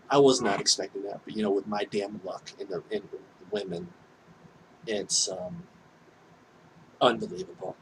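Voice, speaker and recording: A man's voice: fairly low pitch, moderate pace, long pauses, a little hiss or hum, low-quality recording. A man telling a personal story on his video channel in a rambling, candid way, full of asides and apologies. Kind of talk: casual storytelling monologue.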